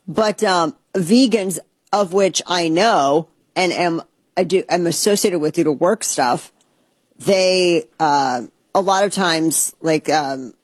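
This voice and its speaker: A woman's voice: fairly low pitch, takes it slowly, slightly rough, no echo. Rambling chatty woman host, dry sound. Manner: chatty, rambling, animated asides. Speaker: show host. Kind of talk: casual opinion talk.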